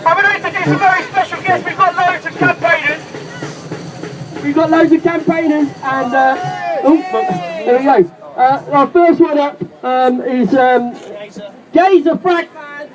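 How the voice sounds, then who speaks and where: A man's voice: very high-pitched, steady tone, a little slow, long pauses. A man acting as compere at an outdoor protest, leading call-and-response chants and introducing the speakers with casual asides. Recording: distant outdoor recording with crowd noise.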